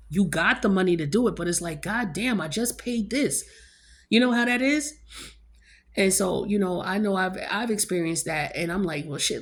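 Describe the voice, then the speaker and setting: A woman giving a casual tarot reading to camera at home, chatty and blunt, talking in loose slang and cursing freely. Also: mid-range voice. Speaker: tarot card reader.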